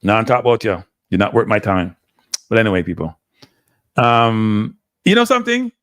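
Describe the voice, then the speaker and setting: Animated Jamaican man slipping into patois. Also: on the low side, moderate pace, no echo, clean studio sound. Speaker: live show host. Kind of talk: casual live-stream talk.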